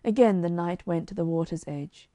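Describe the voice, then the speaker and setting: A woman narrating a children's storybook in a calm, measured reading on a close mic. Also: lowish voice, no room sound. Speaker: audiobook narrator.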